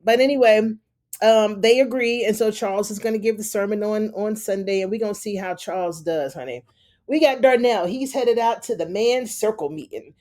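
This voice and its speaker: A woman's voice: mid-range voice, moderate pace, darkish tone. A woman recapping a TV episode in a loose, chatty way, full of "you know" and "honey". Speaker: TV recap reviewer. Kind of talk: casual spoken episode recap.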